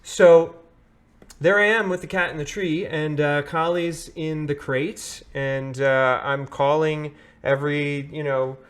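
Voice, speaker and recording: A man's voice: a little high, steady tone, slow pace. A man vlogging, telling a story in a casual, rambling way with many fillers and restarts.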